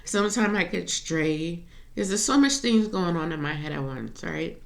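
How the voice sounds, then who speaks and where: A woman's voice: fairly low pitch, animated, moderate pace, vocal fry, slight background noise. A woman talking in a personal vlog, rambling and confessional, laughing to keep from crying. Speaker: vlogger.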